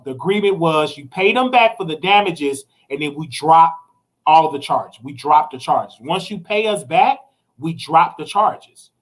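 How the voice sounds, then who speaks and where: Man livestreaming, casual chat to viewers, animated swings from squeals to low murmurs, slightly high voice. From United States. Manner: animated, swings between excited squeals and low somber storytelling. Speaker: livestream host. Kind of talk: casual live-stream talk to viewers.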